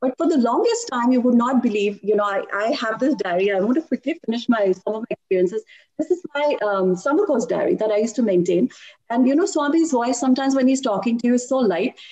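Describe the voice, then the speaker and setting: A middle-aged woman sharing personal devotional stories in a lively talk, laughing often as she tells them. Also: on the high side, fairly quick, muffled recording. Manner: animated storytelling with frequent laughs.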